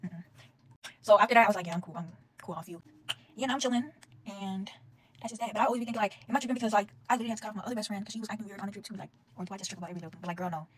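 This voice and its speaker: Fast-talking woman ranting through a story. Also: mid-range voice. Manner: rapid, profane, exasperated storytelling. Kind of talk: casual storytime vlog.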